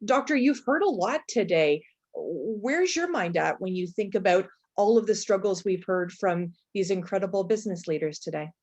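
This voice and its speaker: A woman co-hosts a panel, introducing speakers and thanking them in a polished, upbeat way. Her voice sits at an ordinary pitch for a woman. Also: animated, moderate pace, darkish tone, lo-fi sound. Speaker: co-host. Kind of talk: hosting a panel.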